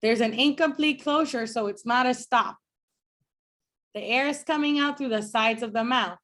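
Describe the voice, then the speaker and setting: A woman professor giving a phonetics lecture to a class, explaining clearly and demonstrating speech sounds slowly. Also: a little high, fairly bright tone. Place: classroom with students.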